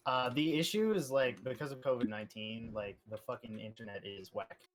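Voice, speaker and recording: A man's voice: medium pitch, fairly quick, crowd noise. Rambling casual man planning. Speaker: player. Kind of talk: casual chat.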